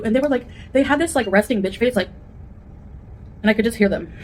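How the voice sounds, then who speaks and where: A woman's voice: on the high side, brisk, pauses often, a little mellow, a little hiss or hum. A woman vlogger chatting candidly at home while eating, rambling from one thought to the next in a casual mukbang. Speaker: food vlogger.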